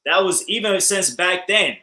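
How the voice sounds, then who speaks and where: Bright, animated male co-host speaking casually and addressing the audience as family. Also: sits high, a little slow, rough recording. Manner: animated, repeats phrases, addresses listeners as family. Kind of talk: casual commentary.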